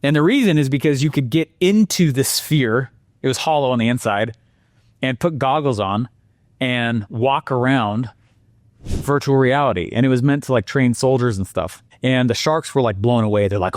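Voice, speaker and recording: A man presenting a marketing lesson with energetic, animated storytelling and exclamations. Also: mid-range voice, moderate pace, no echo, clean studio sound.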